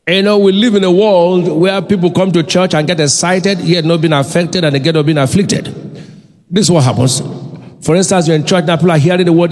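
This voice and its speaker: A male pastor with a high-pitched voice, preaching with force and firing questions at the congregation for them to answer. His words ring out in a large church hall with a long, lingering reverb. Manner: emphatic preaching, quizzing the congregation. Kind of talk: sermon.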